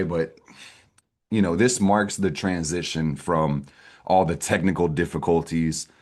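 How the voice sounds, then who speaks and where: Brash, low-voiced astrology vlogger. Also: male voice. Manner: brash, profane, slangy and hyped. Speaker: astrology content creator. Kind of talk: casual astrology vlog talk.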